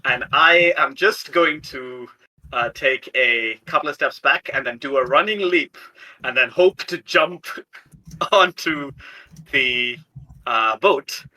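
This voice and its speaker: A man's voice: medium pitch, takes it slowly, bright, forceful tone, rough recording. A man playing a tabletop game, eagerly describing his character's actions. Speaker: player. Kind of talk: tabletop role-play chat.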